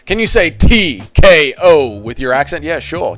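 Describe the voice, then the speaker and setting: A man's voice: fairly high pitch, sing-song, moderate pace, a bit bright, soft background music. An Australian man hosting a casual live stream, rambling, joking and swearing freely while reading chat. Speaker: livestream host reading chat.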